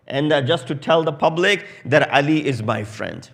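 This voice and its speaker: A man preaching a sermon in English with a South Asian accent, telling a story with acted quotes that swell loud at the peaks. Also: a little high, expressive, normal speed, gravelly, hardly any pauses. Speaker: Shia preacher. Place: mosque hall.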